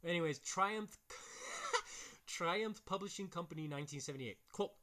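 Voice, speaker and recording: Reading passages from books aloud in a high, bright, forceful voice, a man speaks a little fast before adding his own comments. As a video host, he's blunt, crude and mocking, and he swears often in this casual commentary.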